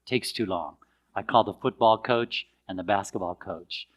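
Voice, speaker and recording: An older American man telling a personal story in a casual, lively way, acting out the voices of other people. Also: lowish voice, normal speed. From United States. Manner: animated, acts out voices of others in his anecdotes.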